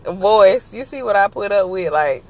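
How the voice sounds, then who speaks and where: A woman's voice: medium pitch, lively intonation, normal speed, crowd noise. A woman hosting a casual podcast from inside a car, teasing her husband and talking straight to her listeners. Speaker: podcast host. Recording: noisy car interior.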